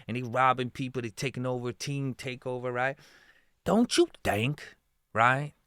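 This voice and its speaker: A man's voice: medium pitch, steady tone, normal speed, pushed and bright, smooth, dry recording, studio quality. A man giving heated reaction commentary, swearing often and firing off rhetorical questions.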